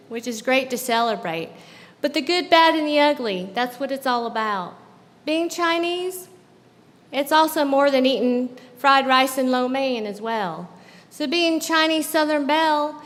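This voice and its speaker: A woman from the American South giving a personal storytelling talk on stage at a live show. She keeps it conversational, checking in with the audience with quick tag questions. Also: sits high, long reverb tail. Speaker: guest speaker. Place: live show at a club venue.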